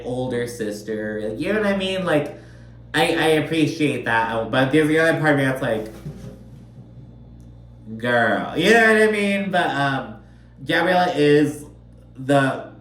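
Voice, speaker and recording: A man chats his way through a reality show recap in a loose, profane style, leaning on "like" throughout. His voice sits at an average pitch and echoes in a roomy space. The mic stands back from him, with a faint hum underneath. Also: recorded from a distance. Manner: chatty, profane, lots of "like". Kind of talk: casual recap commentary.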